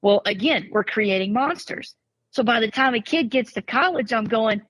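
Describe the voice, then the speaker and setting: Woman, former softball coach, podcast guest; raspy edge, dry close sound, chatty and animated with frequent restarts. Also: on the high side, no echo, rough recording. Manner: animated storyteller who acts out quoted coaches and parents; quick restarts and repeated words. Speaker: former college and travel ball softball coach. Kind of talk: casual podcast conversation.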